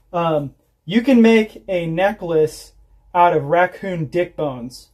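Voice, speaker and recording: Pitched fairly high with a darkish tone, the homestead vlogger chats on his casual livestream. His storytelling wanders and swears freely, and he laughs often.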